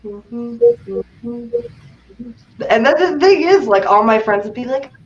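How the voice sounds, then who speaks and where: Animated laughing woman with a lively voice. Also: on the high side, slow pace. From grew up on a horse farm. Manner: animated storyteller, laughs often, acts out quotes. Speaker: co-host. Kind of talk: casual chat. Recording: dull lo-fi sound with faint noise.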